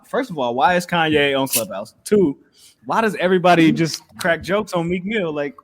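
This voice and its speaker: A man hosting a podcast in casual chat, animated and slangy, laughing often and tossing in "you feel me". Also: sits high, a little fast. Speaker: podcast host.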